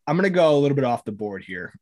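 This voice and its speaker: Dude hosting a hockey podcast, rambly and jokey, lots of uh and like. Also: male voice, mid-range voice, very animated, racing, a little mellow. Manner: rambling, joking, lots of fillers. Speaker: podcast host. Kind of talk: casual sports podcast chat.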